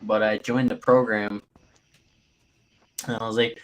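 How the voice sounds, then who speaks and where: A man's voice: lowish voice, level tone, measured pace, low-quality recording. A man chatting casually, rambling with hesitant fillers. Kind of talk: casual chat.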